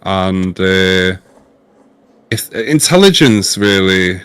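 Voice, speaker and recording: Low-voiced man chatting on a game stream. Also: lively intonation, extremely slow, a bit bright, clean tone, no echo. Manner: chatty, earnest, repeats words while thinking. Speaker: guest streamer. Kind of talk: casual gaming stream chat.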